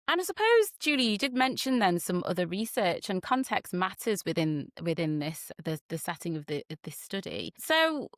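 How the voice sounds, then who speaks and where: A woman hosting a podcast interview, chatty and animated as she tells a story. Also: lowish voice, normal speed, hardly any pauses, dry recording, clean studio sound. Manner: animated, chatty, laughs often. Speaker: podcast host.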